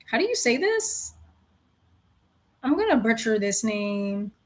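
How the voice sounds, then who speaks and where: A woman's voice: a little high, big pitch swings, slow. A young woman giving a casual, chatty tarot reading, swearing freely and talking to viewers like friends. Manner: chatty, profane, laughs a lot. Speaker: tarot reader.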